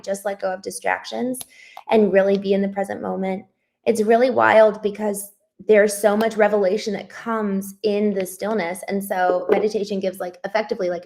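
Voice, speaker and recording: Gravelly-voiced woman chatting on a livestream. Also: medium pitch. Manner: warm greetings to viewers, frequent ums and restarts. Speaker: host of a live spiritual study stream. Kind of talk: casual livestream reflection and chat reading.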